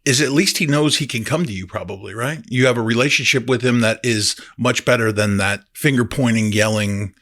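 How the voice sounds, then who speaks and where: A male podcast host speaks in a relaxed, conversational way, backing up his guest with affirming remarks. His voice has a bright, forward edge at an ordinary male pitch. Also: a little fast, few pauses. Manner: supportive, short affirming interjections. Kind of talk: casual chat.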